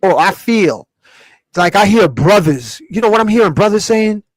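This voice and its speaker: A man hosting a live talk show, speaking in a fairly high voice and pressing each point home with animated emphasis. The sound is dry and close, with no room around it. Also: brisk, no echo. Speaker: show host.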